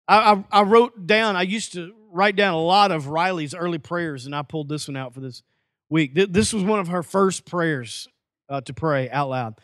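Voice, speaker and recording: Man, pastor, sermon, lively folksy delivery, high voice, dry close sound. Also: no room sound. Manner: lively preacher, folksy asides and acted quotes.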